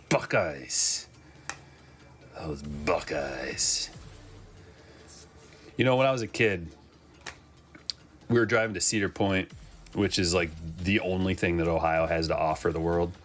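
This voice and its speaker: A man with a very low voice hosts a live card break, joking with viewers between pulls. He talks loosely and chattily, with light asides, and a bit of music plays faintly behind him. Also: a bit bright. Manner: chatty, joking asides while opening packs. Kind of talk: casual live-stream commentary.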